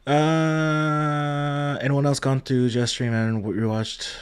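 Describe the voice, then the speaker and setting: Male livestream host, mid-pitched, gentle, chats with his audience, a few ums. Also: little pitch movement, takes it slowly, smooth. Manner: greets chat viewers by name, soft and warm-hearted; trails off with many ums and uhs. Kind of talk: casual memorial livestream chat.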